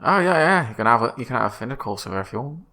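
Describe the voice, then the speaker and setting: A man's voice: mid-range voice, very animated, racing, bright, forceful tone. A man voicing a chatty, boastful aristocrat swindler with a put-on Australian accent in improvised comedy. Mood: jovial. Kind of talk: improvised comedy role-play.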